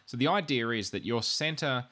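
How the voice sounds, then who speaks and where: Bright-voiced man explaining tech, rambling. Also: mid-range voice, expressive, normal speed. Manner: rambling, self-deprecating, jokey asides; wired, says he has had too much coffee. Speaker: podcast host explaining networking. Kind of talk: casual technical explainer chat.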